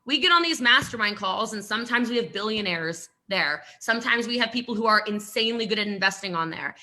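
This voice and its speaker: A woman gives a fast, emphatic motivational talk on a live stream as a network marketing coach, pressing her points with repetition and rhetorical questions. Her medium-pitched voice is pushed and bright, with lively intonation.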